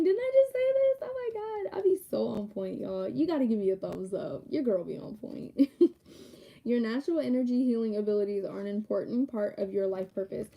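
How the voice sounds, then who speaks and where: A woman hosts a live tarot reading with a notably dark, mellow tone. She talks loosely and warmly to her viewers and laughs often between points. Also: medium pitch. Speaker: psychic tarot reader.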